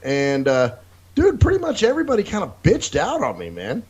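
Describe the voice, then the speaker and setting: A man's voice: high-pitched, huge pitch swings, fairly quick, darkish tone, slightly rough. A young man co-hosting a casual podcast, laid-back and slangy, swearing casually as he tells stories. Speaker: podcast co-host. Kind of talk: casual profane podcast chat.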